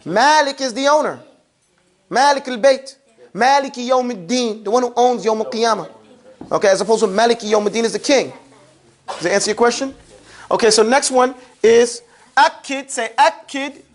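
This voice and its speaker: A grammar teacher in a casual classroom lesson who keeps asking students questions and checking that they follow. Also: mid-range voice. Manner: drawls out terms slowly to drill them.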